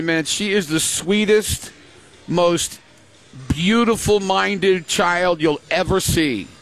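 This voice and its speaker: A man's voice: high-pitched, a bit bright. An older man, a grandfather, chatting casually on a show and telling family stories, acting out the voices he quotes. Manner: storytelling, acts out quoted voices. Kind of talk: casual chat.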